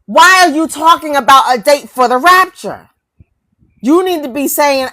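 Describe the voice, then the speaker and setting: A woman's voice: sits high, expressive, unhurried, bright, forceful tone. A woman delivering a confrontational, preachy rant to camera, mocking her targets and firing off rhetorical questions and repeated lines.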